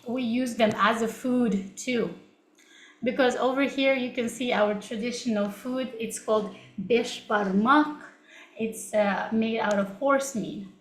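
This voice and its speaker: A woman's voice: fairly high pitch, measured pace. A young woman from Kazakhstan whose first language is Kazakh, giving a chatty, upbeat English session and laughing often. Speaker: English speaker at a learning session. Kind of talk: casual live teaching talk. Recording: roomy echo.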